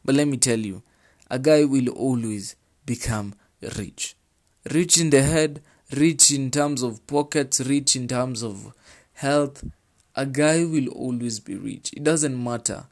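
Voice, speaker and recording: A man with a Kenyan accent talks through relationship advice in a loose, conversational way. He hammers points home by repeating them and drifts between English and Swahili slang. His voice sits at an ordinary middle pitch. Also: a little slow, a little mellow. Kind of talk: casual chat reading out viewer advice.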